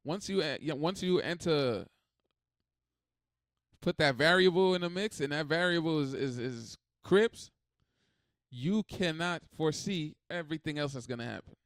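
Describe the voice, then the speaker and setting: A man hosting a reaction video, talking in a rambling, animated, swearing way. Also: a little high, normal speed, no echo, clean studio sound. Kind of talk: casual reaction commentary.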